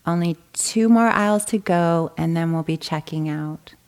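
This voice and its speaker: Calm patient young mother, voiced by a woman, soothing, quiet, slightly low voice. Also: normal speed, natural voice.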